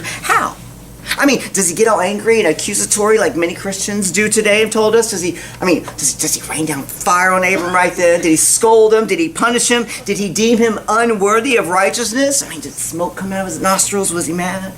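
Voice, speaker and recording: A woman's voice: mid-range voice, slight background noise, rough recording. A woman preaching a sermon in church, folksy and storytelling, full of rhetorical questions.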